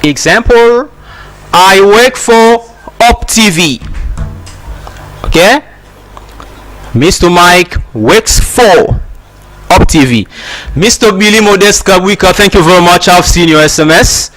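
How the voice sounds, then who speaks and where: Slow-speaking Congolese man teaching English. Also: high voice, expressive, a bit bright, dry recording, faint music behind. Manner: slow, repetitive teaching with example sentences. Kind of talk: broadcast English lesson.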